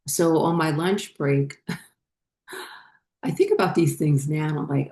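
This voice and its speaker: In a low voice with a dark tone, a woman tells a story about herself the way a spiritual vlogger might, rambling and halting, with plenty of fillers and restarts.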